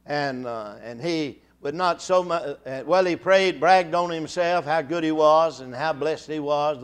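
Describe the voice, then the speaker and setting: An older man with a drawl preaches from the pulpit, his voice sitting a little high for a man. He stumbles over repeated words and small fillers, then builds into fervent, rousing calls to his listeners. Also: clear, resonant tone. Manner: halting restarts, rising to fervent exhortation. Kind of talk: sermon.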